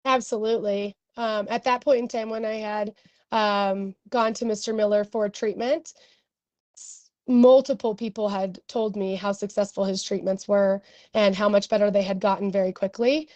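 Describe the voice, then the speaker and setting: A young woman doctor giving earnest, emotional testimony at a hearing, with many pauses and ums. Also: medium pitch, steady tone, darkish tone, dry recording, dull audio.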